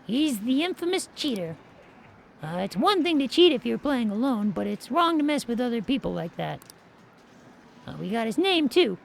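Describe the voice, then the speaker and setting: A woman voicing a brisk, sharp young female sidekick in a video game, matter-of-fact in tone. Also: a little high, big pitch swings, gravelly, a little hiss or hum.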